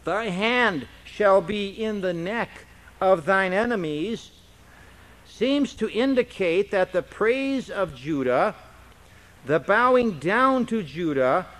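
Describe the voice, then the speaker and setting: A male pastor teaching a Bible passage in a conversational sermon, often checking in with rhetorical questions. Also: sits high.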